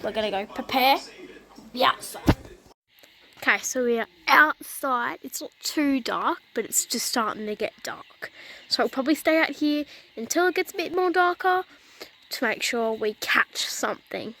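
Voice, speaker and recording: A woman's voice: high-pitched, animated, moderate pace, pushed and bright. A young woman casually telling a ghost-hunt vlog, chatty and full of fillers. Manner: chatty, many fillers, shrieks when scared. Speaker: vlogger.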